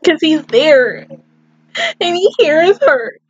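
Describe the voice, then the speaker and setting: High, lively young woman reacting to anime. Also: slow pace, no room sound, dull audio. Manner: emotional, swearing, talking to the screen. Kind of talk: casual reaction commentary.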